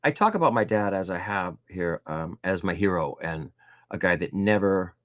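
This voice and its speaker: Low-voiced man telling animated anecdotes. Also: normal speed, no echo. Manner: animated anecdotes with voiced quotes and frequent fillers. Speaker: guest author. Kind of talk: casual storytelling interview.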